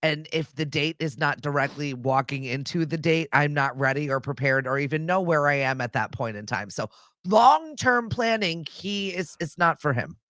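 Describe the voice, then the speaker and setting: Low-voiced, easygoing woman co-host. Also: expressive, moderate pace, fairly bright tone, no echo, clean studio sound. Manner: easygoing, joking and laughing along. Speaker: morning show co-host. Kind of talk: casual chat.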